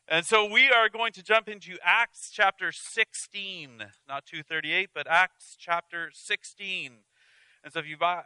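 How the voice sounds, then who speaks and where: A man's voice: a little high, sharp tone, clean tone, dry recording, low-quality recording. A man as pastor preaching an earnest, conversational sermon with frequent restarts and asides.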